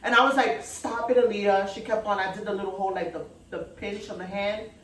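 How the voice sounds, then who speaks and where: A woman's voice: medium pitch, fast. A young woman, a podcast guest telling profane stories and acting out quotes. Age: young adult. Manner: animated, profane storytelling with acted-out quotes. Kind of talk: casual chat. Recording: echoey room with faint noise, mic at a distance.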